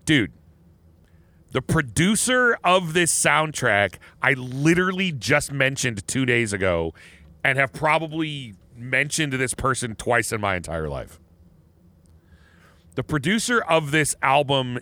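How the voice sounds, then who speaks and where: Bright-voiced rambling podcast co-host, a man. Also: medium pitch, big pitch swings, unhurried. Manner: rambling, with many false starts. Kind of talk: casual chat.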